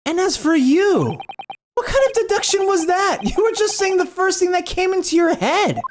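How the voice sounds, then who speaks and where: Polite young woman assistant, raised lively voice, as a man plays her, game music underneath. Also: very high voice, normal speed, background noise, voice pushed up. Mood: indignant. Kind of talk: reading game dialogue aloud. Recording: game music playing behind.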